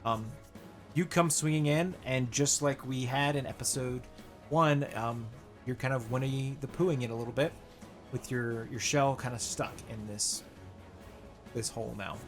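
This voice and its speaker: A man narrating a tabletop role-playing game as game master, telling the action in a lively way and laughing often. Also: mid-range voice, normal speed, faint music behind. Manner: animated, laughing storyteller.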